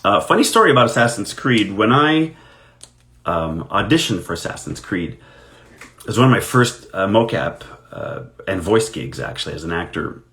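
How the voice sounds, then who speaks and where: Low-voiced man chatting while signing. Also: sing-song, normal speed, a bit bright. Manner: chatty anecdotal storytelling, self-deprecating. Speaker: actor signing autographs on a live stream. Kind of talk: casual chat while signing.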